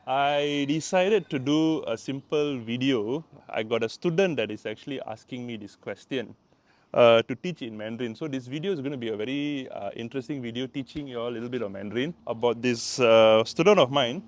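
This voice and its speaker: A man's voice: medium pitch, a little fast. A man with a Malaysian English accent, tutoring in a casual home vlog, repeating each word and explaining step by step. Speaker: language tutor.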